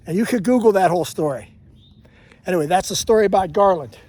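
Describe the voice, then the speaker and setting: Talking fast in a high-pitched voice with a darkish tone, a man hikes a mountain trail and films himself on a handheld camera. He is a vlogger telling history casually, rambling and often going back to correct what he said.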